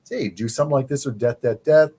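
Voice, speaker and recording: A man chatting on a comics livestream in a relaxed, easygoing way. His humor is dry and deadpan, and he tends to ramble. His pitch sits in a medium range. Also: fast talker, slight background noise, poor audio. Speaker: co-host. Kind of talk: casual livestream chat.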